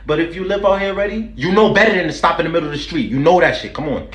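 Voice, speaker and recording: A young man from the Bronx talks with a strong New York accent and a brash, joking delivery, leaning hard on street slang. His voice sits slightly higher than most men's. The sound carries a noticeable room echo. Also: very fast, a bit bright. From New York City, the Bronx. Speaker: vlogger host. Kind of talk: comedic vlog skits.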